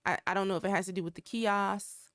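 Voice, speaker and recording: A woman talks her viewers through a life-simulation game in a chatty, exclamatory way, reacting out loud to the drama on screen. Her voice is mid-pitched and natural. The sound is dry and close, with no room around it. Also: steady tone, fast talker, no echo. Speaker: gaming channel host. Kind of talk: let's play commentary.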